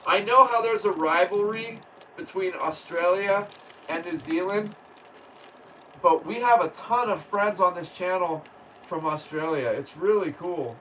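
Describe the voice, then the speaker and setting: A man's voice: high voice, measured pace, fairly bright tone. A man hosting a casual livestream, reading viewer comments aloud and chatting in a laid-back way with frequent laughs. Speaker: livestream host. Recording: distant mic with faint background noise.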